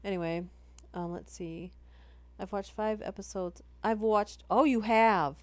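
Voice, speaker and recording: Against a noisy background, a woman with a mid-range voice talks a little slowly. She's chatting casually on a live stream between horror story readings, wandering off topic and interrupting herself.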